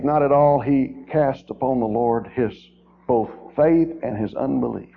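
A man's voice: medium pitch, expressive, a little slow, slight background noise. Preacher man on tinny old tape. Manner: emphatic, with rhetorical questions and repeated phrases. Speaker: guest preacher. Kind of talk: sermon. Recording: tinny, narrow-band old tape recording.

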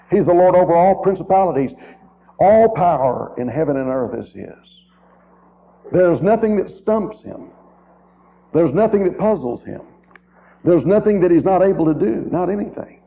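A man's voice: fairly high pitch, normal speed, long pauses. Preacher man on tinny old tape. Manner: emphatic, with rhetorical questions and repeated phrases. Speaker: guest preacher. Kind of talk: sermon. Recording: tinny, narrow-band old tape recording.

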